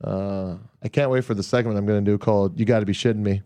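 An easygoing male podcast co-host with a lowish voice, rambling through stories in loose banter. He restarts sentences and laughs along. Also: fairly even intonation, fast, warm tone, dry recording. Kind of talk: casual comedic banter.

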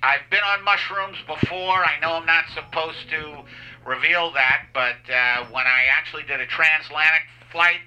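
A man's voice: fairly high pitch, moderate pace, pushed and bright, smooth, pitched above the performer's own voice, rough recording. A man playing a chatty, oversharing airline pilot on mushrooms, improvising a PA announcement. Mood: rambling. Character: rambling stoned middle-aged male airline pilot. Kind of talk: improv comedy bit over a PA.

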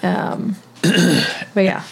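A woman's voice: extremely slow, a little mellow. A woman co-hosting a casual chat podcast, speaking loosely with many fillers. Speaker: podcast co-host.

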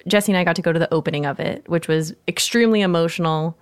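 A woman guest on a podcast, telling a personal story in a casual, animated way with bursts of laughter. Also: on the low side, quick pace, clear, resonant tone, dry recording, studio quality.

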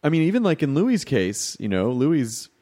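A man chatting casually on a podcast, rambling and restarting, now and then acting out quotes in a high voice. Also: big pitch swings, moderate pace, warm tone.

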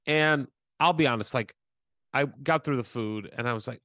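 This podcast co-host hails from Southern California and, while chatting casually, tells a story with animated impressions of the people he quotes. He talks at a moderate pace in a mid-range voice, and the sound is dry and studio-clean.

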